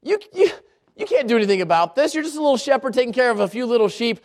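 A scornful older brother, as a preacher puts him on, rattles off quick, sneering taunts. The voice is a man's, pitched very high, and it bounces up and down. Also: expressive. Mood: mocking.

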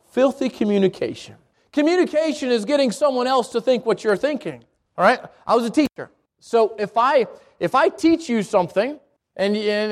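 A man with a high voice delivers a sermon in a relaxed, conversational way. He keeps turning to his listeners with questions and often doubles back over his words as he talks. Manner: conversational, asks the congregation questions, repeats words. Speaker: preacher.

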